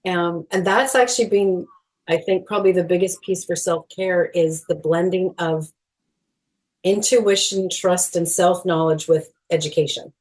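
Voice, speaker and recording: Earnest middle-aged woman, lowish voice. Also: a little slow. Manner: earnest, animated, laughs often, many fillers. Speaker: guest, movement educator. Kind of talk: podcast interview.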